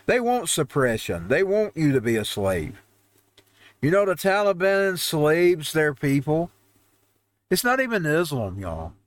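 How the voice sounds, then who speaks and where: A man's voice: a little high, wildly swooping pitch, a little slow, no room sound. A man hosting a home-made show, ranting over news headlines in a heated, rambling way with frequent restarts. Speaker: host. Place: home newsroom studio.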